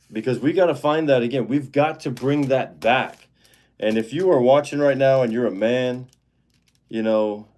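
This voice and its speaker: Medium in pitch with a darkish tone, this livestream host talks in a loose, meandering way, stumbling through fillers and restarts. As he goes on, he gets worked up and indignant.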